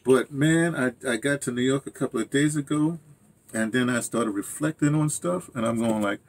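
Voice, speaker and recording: A man's voice: mid-range voice, normal speed. An older man rambling through a casual monologue as host of his own channel, interrupting himself and chuckling at asides. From United States.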